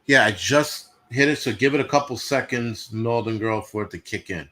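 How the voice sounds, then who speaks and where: A man's voice: medium pitch, normal speed, pushed and bright. A man hosting a livestream, ranting bluntly and profanely to his chat in casual talk. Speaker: livestream host.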